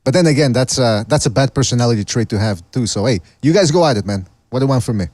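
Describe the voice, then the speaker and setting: A man's voice: mid-range voice, expressive, quick pace, a little mellow, dry recording. A man hosting a call-in podcast in a casual, rambling way with many restarts, speaking English with an accent, his first language being Spanish. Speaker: podcast host. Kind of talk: casual call-in show chat.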